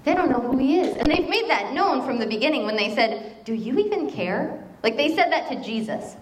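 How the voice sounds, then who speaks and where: A woman preaching a sermon in a conversational, animated way, telling stories and quoting scripture. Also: high voice, a little fast, roomy sound, a little hiss or hum, poor audio.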